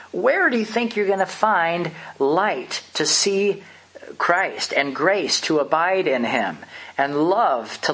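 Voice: mid-range voice, a bit bright, breathy edge. A preacher delivering an impassioned, emphatic sermon, full of rhetorical questions.

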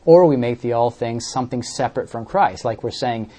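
A man's voice: medium pitch, brisk, few pauses, warm tone, breathy edge. A man preaching a sermon, explaining verses with everyday examples and often repeating words as he searches for the next phrase.

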